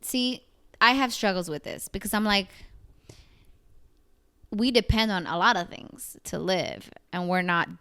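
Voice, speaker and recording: A woman's voice: fairly low pitch, a bit bright. A woman in her twenties co-hosting a casual podcast chat, thinking aloud with fillers and frequent laughs. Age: 20s. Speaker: podcast co-host.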